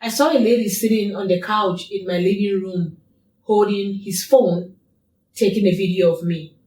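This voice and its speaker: A woman's voice: mid-range voice, steady tone, moderate pace, a little mellow. A woman guest in an interview, telling a personal story in a repetitive, emphatic way. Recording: echoey room, distant mic.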